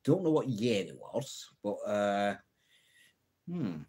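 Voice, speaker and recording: On a live stream, a man tells jokes in casual, chatty fashion, chuckling at his own puns while greeting viewers and answering their comments. His voice sits on the low side and is slightly rough and darkish, very animated but slow.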